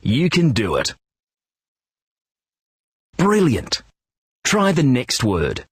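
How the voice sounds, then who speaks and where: A man narrating a children's reading program, giving clear, encouraging instructions and praise. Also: medium pitch, huge pitch swings, a little slow, no room sound, studio quality.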